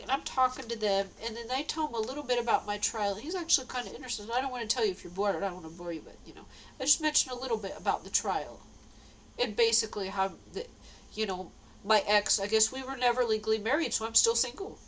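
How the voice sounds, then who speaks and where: A woman's voice: fairly high pitch, a bit bright, slight background noise, low-quality recording. A woman talking straight to the camera in a casual, rambling monologue, repeating herself and laughing between lines. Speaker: vlogger.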